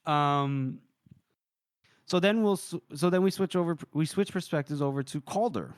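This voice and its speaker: This co-host's voice is fairly high and his speech runs at a normal speed, recorded cleanly in a studio with no echo. He's chatting casually about a book on a podcast, eagerly retelling the story, voicing the characters and laughing a lot along the way.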